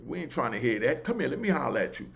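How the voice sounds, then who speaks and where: A man's voice: mid-range voice, big pitch swings, quick pace, creaky. A man voicing a drunk, belligerent young male inmate who talks brashly and pushily. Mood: pushy.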